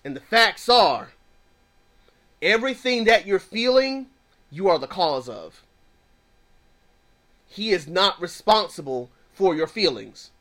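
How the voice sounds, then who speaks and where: A man with a high, bright, sharp voice preaches and teaches in an emphatic, repetitive cadence. His pace shifts between slow, stressed lines and quick runs. He speaks as a counselor. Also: big pitch swings.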